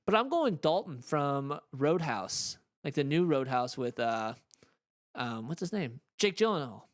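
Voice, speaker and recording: A man's voice: mid-range voice, big pitch swings, a little slow. A man co-hosting a podcast in casual chat, loosely trailing off mid-sentence. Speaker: podcast co-host.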